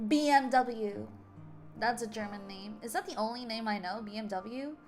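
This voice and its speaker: Young woman, high voice, game streamer, reads dialogue aloud, stumbles and laughs, faint music behind. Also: moderate pace. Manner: stumbles over words and laughs often; animated storytelling.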